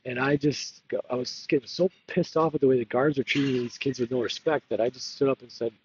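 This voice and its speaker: A man's voice: mid-range voice, fairly even intonation, fairly quick, dull audio, noisy background. A man talking candidly in a rambling confessional monologue, laughing often and drifting between topics. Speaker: political candidate.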